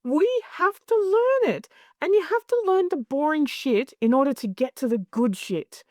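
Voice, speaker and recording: Woman guest, higher-pitched, frank and profane, animated anecdotes, dry mic. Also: moderate pace, no echo. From Australia. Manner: blunt, swears freely, animated storytelling. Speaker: guest, clinical hypnosis director. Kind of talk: candid interview talk.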